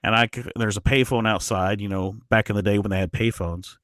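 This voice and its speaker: A man guest on a podcast, telling a travel story in an animated way, often restarting his sentences. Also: fairly low pitch, brisk, no echo, studio quality. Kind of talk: casual storytelling.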